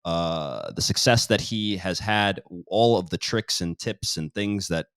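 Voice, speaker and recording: A man from the United States, hosting a casual interview in an easygoing, deliberate way. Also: sits low, fairly bright tone, smooth, no room sound, studio quality. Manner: easygoing, deliberate host with fillers. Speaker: channel host, interviewer.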